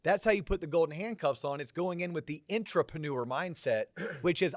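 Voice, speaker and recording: A man's voice: a little high, fairly quick, dry recording, clean studio sound. A man hosting a podcast, giving motivational business advice to a college audience. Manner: motivational, conversational. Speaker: podcast host. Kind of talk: talk in front of a college audience.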